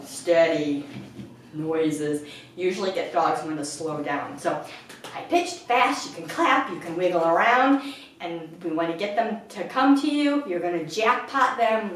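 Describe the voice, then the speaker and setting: A woman dog trainer giving an instructional lesson indoors at home, breaking into a high sing-song voice to praise the dog. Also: animated, unhurried. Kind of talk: instructional talk to camera. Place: indoors in a house. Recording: echoey room, mic at a distance.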